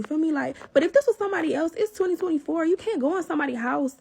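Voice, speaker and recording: A young woman telling a personal story in a casual vlog, animated and profane, talking straight to her viewers. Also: sits high, rapid-fire, vocal fry, few pauses.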